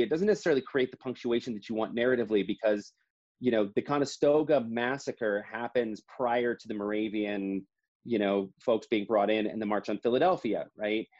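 A man's voice: medium pitch, a little fast, a little mellow, lo-fi sound. A man who co-wrote a comic book, talking in a chatty, rambling way with many restarts during an interview. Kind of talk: casual interview conversation.

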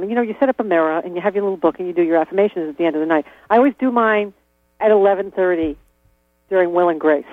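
A man's voice: sits high, rapid-fire, no echo. A man talking casually as an interview guest, chatty, laughing often and restarting his sentences. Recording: tinny phone-like line with mains hum.

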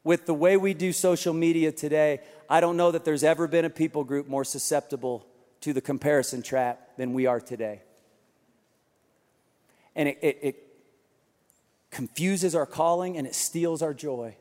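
Male pastor, sermon, high voice, self-deprecating storyteller, church hall reverb. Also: moderate pace, long pauses, a little mellow.

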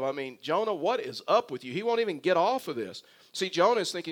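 Earnest preaching man, fairly high voice. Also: sing-song, fast talker, a bit bright. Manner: earnest, repetitive preaching with direct address. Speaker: pastor. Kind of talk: sermon.

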